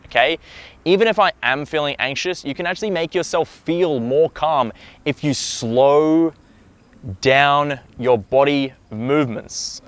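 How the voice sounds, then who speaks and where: A man's voice: mid-range voice, fairly bright tone, clear, resonant tone, dry recording. A man with an ordinary mid-range voice talks straight to camera like a dating coach. He is blunt and emphatic and keeps punctuating his points with a checking "okay?". He swears casually now and then. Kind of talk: instructional talk to camera.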